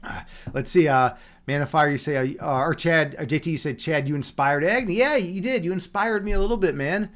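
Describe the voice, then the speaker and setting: A man's voice: on the high side, brisk. A man hosting a livestream, chatting casually with viewers in a joking, teasing way, with many restarts and fillers. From Chicago. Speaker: livestream host.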